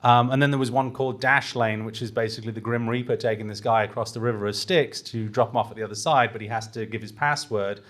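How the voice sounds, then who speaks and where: A man's voice: mid-range voice, fairly even intonation, fast talker, hardly any pauses, fairly bright tone. A man talking through ads in a casual panel chat, with lots of fillers and restarts. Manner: hesitant, many fillers and restarts. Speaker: podcast panelist.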